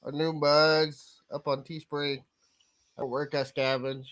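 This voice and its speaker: A man's voice: a little high, level tone, slow, a bit bright. A man co-hosting a casual live stream, making brief, easygoing remarks.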